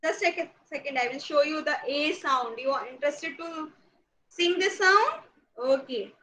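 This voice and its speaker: A woman's voice: high voice, normal speed, a little hiss or hum, rough recording. A woman with an Indian English accent, telling a story and asking questions as a nursery teacher. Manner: animated, acts out sneezes and sounds, asks kids questions. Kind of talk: storytelling to young children in an online class.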